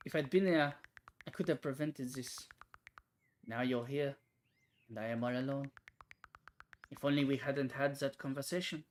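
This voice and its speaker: A man voicing a grieving, vengeful young woman at a grave, with a put-on French accent and low, bitter vows of revenge. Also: slight background noise.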